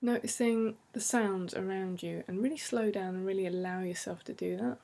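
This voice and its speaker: A woman practitioner giving slow, soothing guided tapping instructions, repeating gentle phrases. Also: mid-range voice, creaky.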